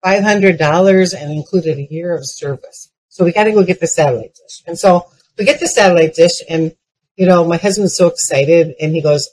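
A woman's voice: lowish voice, normal speed, low-quality recording. An older woman giving a keynote talk, telling humorous personal stories that build to punchlines. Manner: lively, punchline-driven anecdotes with frequent restarts. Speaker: keynote speaker. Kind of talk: comedic storytelling keynote.

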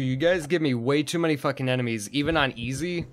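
A man's voice: medium pitch, fast, slight background noise. A young man giving gameplay commentary, frustrated and swearing as he mutters to himself. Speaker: gaming video host.

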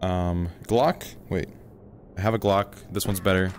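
A man's voice: deep voice, fairly even intonation, a little slow, slight background noise. A man streaming a game, chatting casually and rambling to his teammate and viewers on a headset mic. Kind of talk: casual livestream gaming chat.

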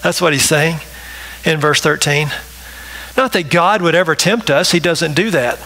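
A man's voice: on the high side, moderate pace, sharp tone, poor audio. A male pastor delivering a sermon, emphatic and repetitive, often checking in with the congregation with a rhetorical "right?".

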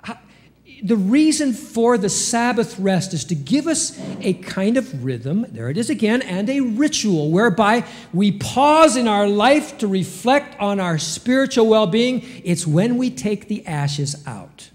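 Lively preaching man in a reverberant church. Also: a little slow. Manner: lively preaching with sudden pitch jumps and rhetorical questions. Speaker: pastor. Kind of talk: sermon. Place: church sanctuary. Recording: long reverb of a church hall.

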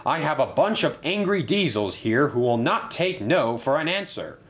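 A man voicing a stern male railway director who speaks in a booming, authoritative way. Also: big pitch swings, moderate pace, natural voice.

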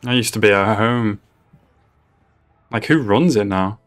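A man's voice: fairly low pitch, a little slow, a bit bright, faint music behind. A man hosting a reaction video, talking casually and blurting out reactions, often swearing and laughing. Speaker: reaction channel host.

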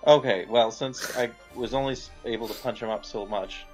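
A man's voice: mid-range voice, fairly quick, a little mellow, soft background music. A man playing a tabletop game, grumbling about his luck. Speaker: player. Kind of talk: casual tabletop play.

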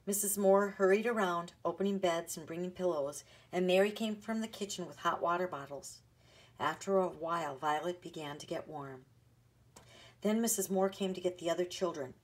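A woman narrating a children's chapter book aloud in an expressive storytelling manner. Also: fairly low pitch, moderate pace.

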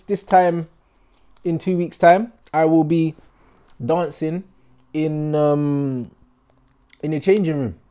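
A young man giving an excitable, slang-heavy football match reaction vlog, recorded indoors in a flat he is moving out of. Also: fairly high pitch. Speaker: football fan vlogger. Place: indoor room in a flat being moved out of.

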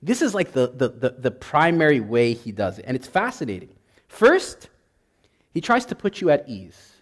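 A man's voice: medium pitch, sing-song, moderate pace. A male priest preaching a sermon with passion, repeating his points for emphasis until he gets worked up. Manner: impassioned, builds to emphatic repetition.

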